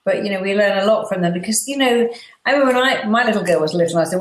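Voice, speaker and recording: Middle-aged woman guest, lively anecdotes, roomy sound. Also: mid-range voice, very fast. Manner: animated storyteller, acts out quotes. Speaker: guest therapist. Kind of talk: casual interview chat.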